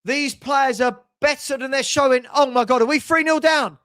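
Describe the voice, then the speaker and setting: Exasperated fan hosting a match watchalong. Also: male voice, extremely high pitch, moderate pace. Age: older. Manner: exasperated, sarcastic, bursts into shouts. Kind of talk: live football watchalong commentary.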